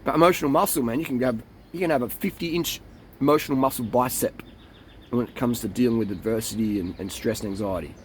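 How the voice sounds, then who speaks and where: Man, middle-pitched, with a faint hum of passing vehicles; blunt, profane coach ranting casually to camera. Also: quick pace. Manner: jumps into mocking impressions of others. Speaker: cycling coach and vlogger.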